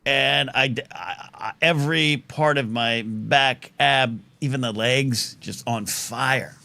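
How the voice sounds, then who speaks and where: A man's voice: medium pitch, slow, vocal fry, pushed and bright, no room sound. A man in his forties hosting a live talk show, rambling and self-deprecating in casual banter.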